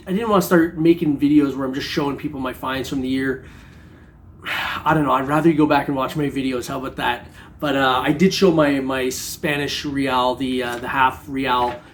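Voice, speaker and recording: Over slight background noise, a middle-aged man with a mid-range voice vlogs about his metal detecting hobby. He's relaxed and joking, rambling along with many fillers.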